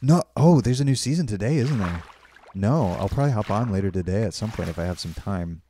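A man's voice: on the low side, lively intonation, a little fast, mellow, slight background noise. A young man streaming a game, chatting casually with viewers and often apologizing. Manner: chatty, apologetic, reads chat aloud. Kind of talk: casual live-stream chat while building.

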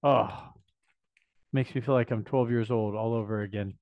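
A man's voice: on the low side, fairly even intonation, normal speed, no room sound. A man in his fifties hosting a casual unboxing video, chatting enthusiastically and thinking aloud as he goes. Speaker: vlog host. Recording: dry, slightly dull lo-fi sound.

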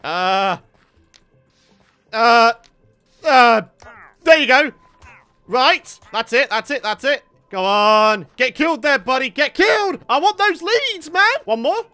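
A man's voice: extremely high pitch, very animated, slow, long pauses, pushed and bright, soft background music. A man giving chatty, playful let's-play commentary and talking to the animals in his game. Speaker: gaming YouTuber.

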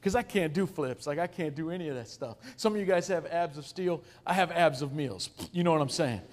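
A man in his forties, a guest speaker, telling a humorous story to a congregation in an animated, self-deprecating way, often addressing the audience directly. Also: fairly high pitch, a little fast.

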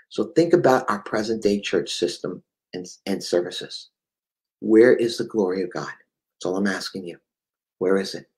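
A man's voice: on the low side, dark tone, poor audio. Fervent New England preacher man. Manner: fervent, stammers and repeats words. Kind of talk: sermon.

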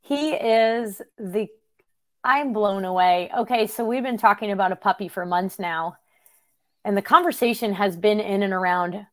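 A middle-aged woman hosting a podcast, telling a story in an animated, chatty way and laughing often. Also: medium pitch, normal speed. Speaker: podcast host. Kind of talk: casual conversation.

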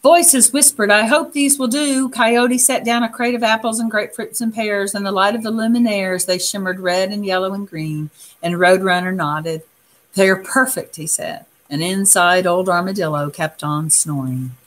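Casting: woman storyteller, gentle picture-book read-aloud, average pitch. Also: steady tone, a little hiss or hum. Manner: soft, unhurried, pausing to point at pictures.

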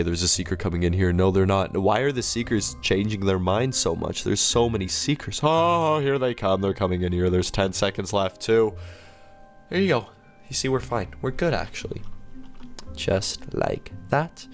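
Speaking at a moderate pace with faint music in the background, a twentysomething gaming host offers playful gameplay commentary. He sounds sick and yawns, but turns excitable, his pitch shooting up in moments of alarm.

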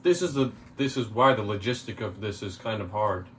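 A man's voice: fairly low pitch, brisk, slight background noise. A young man from Toronto, co-hosting a casual mukbang, laid-back and joking, rambling with lots of fillers. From Toronto, Canada. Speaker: co-host. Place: indoors, sitting on the floor.

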